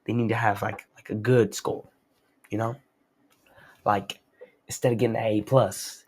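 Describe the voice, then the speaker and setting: A man's voice: lowish voice, flat delivery, moderate pace, pauses often, husky. A young man recapping a story in a rambling, slangy, casual manner. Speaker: host.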